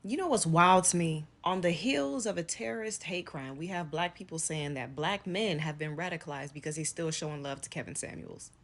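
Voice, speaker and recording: A woman's voice: sits low, fairly quick, hardly any pauses. A woman giving pointed social commentary through a parable.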